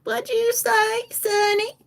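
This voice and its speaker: Woman doing a high, bewildered old granny. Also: level tone, slow, creaky, heavily acted. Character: confused sweet old grandmother, frail and innocent.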